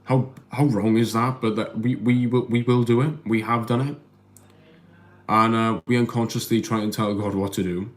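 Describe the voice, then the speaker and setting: A man's voice: on the low side, level tone, normal speed. Rambling man chatting into his phone. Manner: rambling, hesitant, repeats words. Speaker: livestream host reading chat. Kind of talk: casual live-stream chat.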